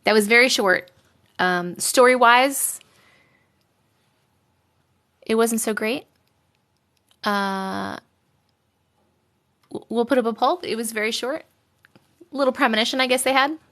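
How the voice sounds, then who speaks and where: A woman's voice: a little high, slow, long pauses, fairly bright tone. A young woman hosting a casual live stream, chatting with viewers and reading their stories aloud, giggly and sometimes dropping to a whisper.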